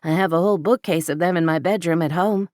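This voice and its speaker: A woman's voice: on the low side, fast talker, a little mellow, no room sound, studio quality, natural voice. A woman voicing a candid young woman who teases and confides earnestly. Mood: confiding.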